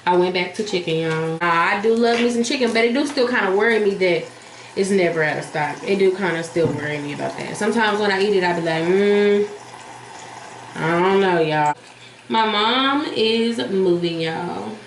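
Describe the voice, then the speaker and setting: A woman vlogger telling a story in casual, animated chat, blunt and profane, talking straight to her viewers. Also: medium pitch, brisk. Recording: echoey room with faint hiss.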